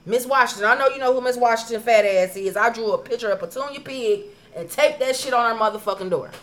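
A woman on a podcast telling stories in casual chat, profane and animated, acting out her own past arguments. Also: on the high side, quick pace. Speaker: podcast co-host.

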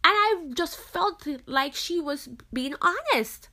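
A woman's voice: very high voice, lively intonation, slow pace, sharp tone. A woman from the Caribbean islands hosting a faith podcast, talking in an earnest, reflective way with frequent "you know". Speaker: podcast host. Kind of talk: faith-based podcast talk.

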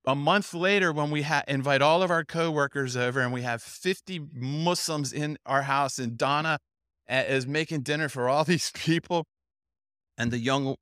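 A man's voice: medium pitch, a bit bright, smooth. A middle-aged man speaks at a youth Bible camp in a storytelling sermon. He acts out each person in his story with changing voices. His mid-range voice sounds close and dry, with no room echo.

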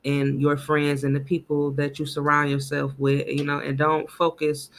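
A woman co-hosting a casual podcast, giving relaxed, rambling advice with frequent "you know.". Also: sits low, normal speed, a little hiss or hum. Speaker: podcast co-host. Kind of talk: casual chat.

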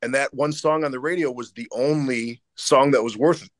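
A man appears as a guest in a casual interview, speaking earnestly and sounding grateful. His voice sits at an ordinary middle pitch. The sound is dry and close. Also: moderate pace, dry recording. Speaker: guest, longtime fan.

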